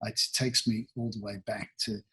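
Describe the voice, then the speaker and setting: Reflective man in his sixties, very breathy. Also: on the low side, flat delivery, moderate pace, fairly bright tone. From Australia. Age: 60s. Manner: thoughtful, rambling, many restarts and fillers. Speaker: talent agency founder, guest. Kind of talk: reflective interview conversation.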